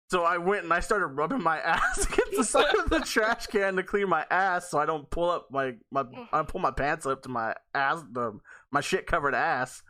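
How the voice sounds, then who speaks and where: A male podcast host spins a long, rambling anecdote full of swearing, breaking into laughter as he goes. His voice is bright and tense, pitched a little high for a man. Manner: rambling, profane, laughs often mid-sentence. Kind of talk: casual storytelling.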